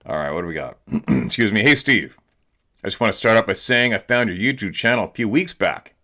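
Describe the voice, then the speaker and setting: A man's voice: fairly low pitch, lively intonation, brisk, bright, forceful tone. A man hosting a show, telling stories at home in a loose, laid-back way, swearing freely and laughing often. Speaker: host. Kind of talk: casual chat. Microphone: laptop camera.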